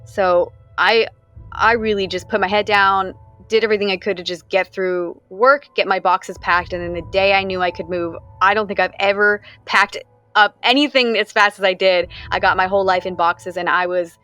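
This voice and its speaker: A woman's voice: medium pitch, fairly even intonation, normal speed, bright, forceful tone, faint music behind. A young woman from the United States, candidly recounting a personal story in an interview, talking conversationally with frequent fillers.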